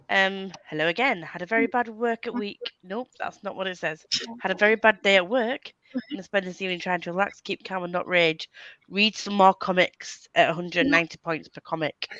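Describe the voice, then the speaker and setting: A woman hosting a casual reading livestream, giggly and excitable, who swears freely and talks over a video call. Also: mid-range voice, brisk, no room sound, dull audio. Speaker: livestream host.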